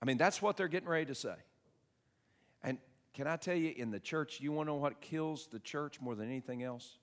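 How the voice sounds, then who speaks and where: A man preaching a sermon, moving between quiet asides and loud, emphatic passages, and reading scripture aloud slowly with heavy stress. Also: on the high side. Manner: reads scripture aloud with slow, stressed delivery. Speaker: pastor.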